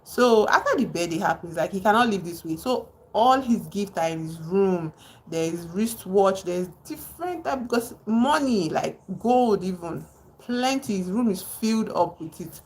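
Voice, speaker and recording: A woman's voice: medium pitch, expressive, moderate pace, slight background noise. A woman live streaming, casually retelling a novel and breaking off to greet viewers in the chat. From Nigeria.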